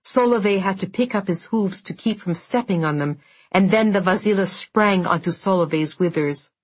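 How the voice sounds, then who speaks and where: A woman reading an audiobook in a measured, dramatic storytelling manner. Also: medium pitch. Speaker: audiobook narrator. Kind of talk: scripted narration.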